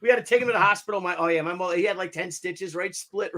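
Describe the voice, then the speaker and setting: A man's voice: high-pitched, fast talker, a crowd in the background. A middle-aged man in casual chat, telling family stories with lots of laughter. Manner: animated, laughing storyteller.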